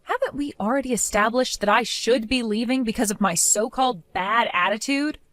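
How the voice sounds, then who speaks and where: A woman voicing a defiant, mocking young daughter-in-law in an animated story, speaking in a sarcastic way. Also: fairly high pitch, moderate pace, dry recording, natural voice. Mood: cold. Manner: sarcastic, mocking, laughs often.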